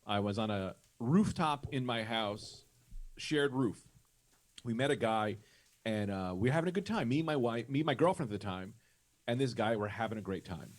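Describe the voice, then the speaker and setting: A man spins a long, rambling anecdote in casual chat, swearing freely and restarting sentences as he goes. His pitch roams widely and expressively, sitting at an ordinary middle height. The delivery is loose and conversational. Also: moderate pace. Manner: animated, profane, self-interrupting. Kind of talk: casual storytelling on a live stream.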